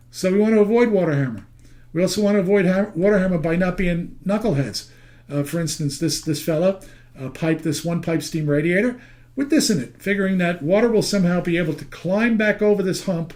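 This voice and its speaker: In a recorded seminar lecture on steam heating, an older instructor with a high-pitched but darkish voice spins folksy stories. He keeps the audience entertained with wry jokes.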